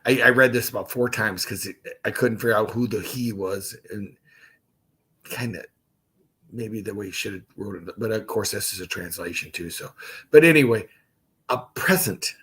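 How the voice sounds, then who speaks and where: A man's voice: lowish voice, normal speed, fairly bright tone, breathy edge, low-quality recording. A man leading a casual livestreamed Bible study, reading scripture aloud and adding his own asides.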